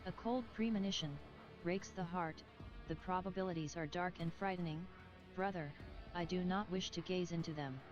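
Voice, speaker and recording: Woman, game narrator, solemn measured storytelling, slightly dull audio, faint music. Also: lowish voice. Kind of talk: scripted narration.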